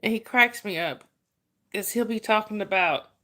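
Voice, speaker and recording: A chatty woman hosts a livestream, chatting casually with viewers, greeting them by name and laughing often. Her medium-pitched voice is bright and forceful, at a normal speed.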